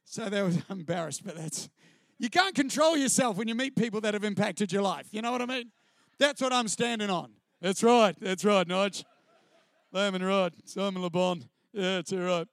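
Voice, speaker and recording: A middle-aged man with a New Zealand accent tells his story from a church stage in an animated, self-deprecating style. His voice sits fairly high for a man. The sound is close and dry, with little room echo. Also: normal speed. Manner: animated, self-deprecating, chatty, often laughing. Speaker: guest speaker on a church stage. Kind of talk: personal testimony storytelling to a live audience. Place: stage before a live audience.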